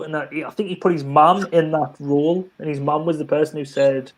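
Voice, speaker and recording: Chatty high-voiced man telling stories. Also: fairly quick, few pauses. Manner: chatty, animated storyteller with many restarts. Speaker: live chat participant. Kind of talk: casual chat.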